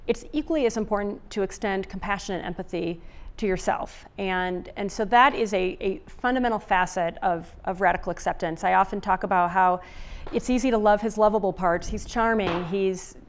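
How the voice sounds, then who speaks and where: A woman's voice: medium pitch, moderate pace. Middle-aged woman, relationship author, conversational summit talk, chatty with lots of restarts, mid-range voice. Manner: chatty, many fillers and restarts.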